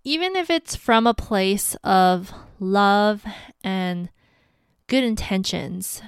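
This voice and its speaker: A young adult woman hosting a podcast, giving relationship advice in an earnest, gentle and encouraging way. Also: medium pitch, animated, slow pace, smooth, no room sound, studio quality. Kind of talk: casual advice talk.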